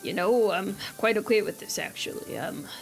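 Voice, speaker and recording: A woman voicing a weary middle-aged dad with a desk job, deadpan and low. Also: normal speed, creaky, faint music behind, lightly acted.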